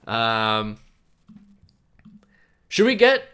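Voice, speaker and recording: A man's voice: medium pitch, sing-song, a little slow, long pauses, a bit bright. A man hosting a solo podcast, rambling from topic to topic in a self-mocking, profane way. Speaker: podcast host.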